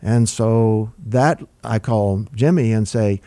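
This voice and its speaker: Taking his time in a fairly low voice, with no room sound, an older record producer shares long stories in a conversational interview. His manner is laid-back and meandering, thick with fillers and restarts.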